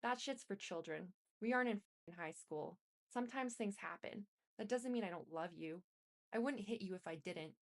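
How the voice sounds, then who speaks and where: A woman's voice: medium pitch, normal speed, close to an everyday voice. A woman reading out the lines of a manipulative, pleading man in her own voice. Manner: read out plainly in her own voice.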